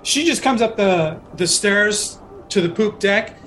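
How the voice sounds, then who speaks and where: A man's voice: high-pitched, a little slow, fairly bright tone, a little hiss or hum. A man running a tabletop game as game master, narrating scenes and explaining the rules.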